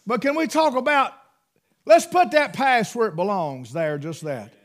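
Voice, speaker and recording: Partway through his sermon, a middle-aged man preaches with a high, widely leaping voice and lively intonation at a normal speed. Loud, fervent bursts give way to hushed asides.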